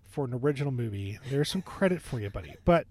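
A man's voice: medium pitch, lively intonation, quick pace, a little mellow. A man co-hosting a casual movie review podcast, joking and rambling with many fillers. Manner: jokey, rambling, lots of fillers.

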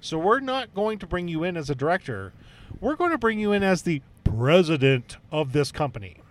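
A man co-hosting a chatty podcast, his voice sitting a bit high. He talks in an animated, jokey way and acts out little bits of dialogue as he goes. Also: a little fast, slight background noise. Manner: animated, jokey, plays out voices mid-story. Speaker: podcast co-host. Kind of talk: casual chat.

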